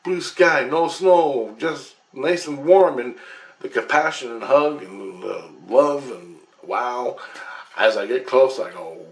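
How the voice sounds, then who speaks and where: Speaking slowly in a gravelly, medium-pitched voice, this man is a vlogger animatedly describing a past life he recalls. His casual first-person story is emphatic, peppered with swearing and false starts, and captured on a computer webcam in an echoey room.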